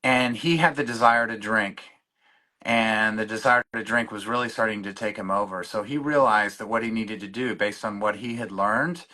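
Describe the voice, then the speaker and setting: A man, a guest in recovery, telling his story in a halting way with many restarts, choked up and openly emotional. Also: lowish voice, pushed and bright. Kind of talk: personal storytelling in conversation.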